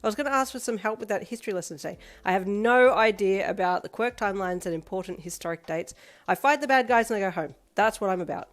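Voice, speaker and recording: A woman voicing a playful, energetic teenage girl who talks loudly and teases. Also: mid-range voice, fast talker, faint music behind, natural voice. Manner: bright, loud and teasing.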